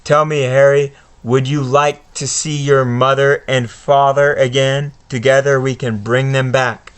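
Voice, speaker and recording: A man reading out a sinister male wizard villain's lines from a game, slow and a little louder than his usual talk. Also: medium pitch, smooth, lightly acted. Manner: reads game dialogue aloud slowly.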